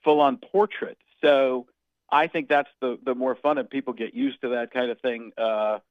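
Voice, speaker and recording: A man being interviewed as a comedian guest, talking in an animated, jokey way that slides into impressions. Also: medium pitch, normal speed, no echo, lo-fi sound. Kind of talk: casual radio interview.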